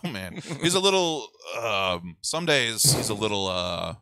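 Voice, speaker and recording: Deep-voiced man laughing through casual chat. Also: sing-song, measured pace, sharp tone, clear, resonant tone, no room sound, studio quality. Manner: laughs often, rambling. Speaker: radio host guest.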